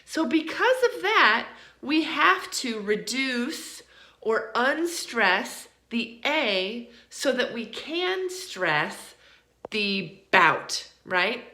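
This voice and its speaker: A woman teaching English pronunciation in an online lesson, encouraging and repeating words slowly to model them. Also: on the high side, big pitch swings, pushed and bright, roomy sound.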